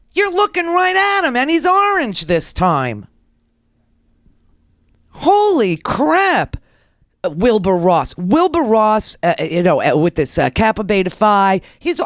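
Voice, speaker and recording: A woman's voice: a little high, dry recording, studio quality. A middle-aged woman hosting a political talk radio show, ranting in a blunt, sarcastic and crude way.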